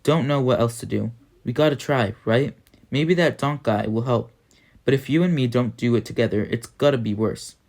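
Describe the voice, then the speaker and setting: A man voicing a scrappy, loyal poor city boy, coaxing in quick street slang. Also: mid-range voice, vocal fry, a little mellow, close to an everyday voice.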